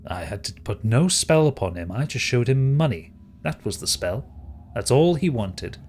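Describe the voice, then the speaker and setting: A man's voice: medium pitch, big pitch swings, normal speed, a little mellow, close to an everyday voice. A British man voicing a smug, sneering male villain who schemes and gloats. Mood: gloating.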